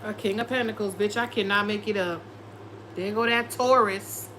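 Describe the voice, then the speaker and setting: A woman's voice: mid-range voice, fairly even intonation, moderate pace, background noise. A woman doing a casual tarot reading, sassy and profane, often slipping into quoted voices. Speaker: tarot reader.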